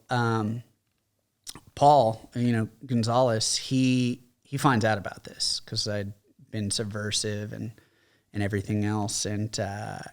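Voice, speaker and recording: An American man in his forties, a veteran guest telling stories in a casual interview, animated, acting out quotes with many fillers. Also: on the low side, smooth. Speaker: podcast guest, combat veteran.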